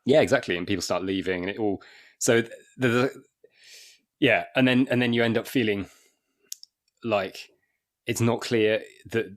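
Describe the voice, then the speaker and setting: A man's voice: fairly low pitch, normal speed, long pauses. A man chatting as a comedian guest on a podcast, rambling with many restarts and little acted dialogues. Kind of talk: casual podcast chat.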